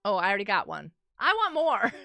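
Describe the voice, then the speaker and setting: A woman's voice: medium pitch, huge pitch swings, a little fast, creaky, sharp tone, no room sound. A woman live streaming and chatting with her viewers in a bubbly, giggly way while nursing a headache. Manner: bubbly, giggly, talks to chat. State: has a headache.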